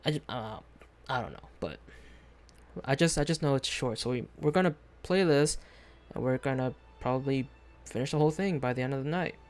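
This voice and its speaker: A man's voice: mid-range voice, animated, brisk. A man streaming a video game live, chatting casually in a rambling, hesitant way with lots of fillers and restarts.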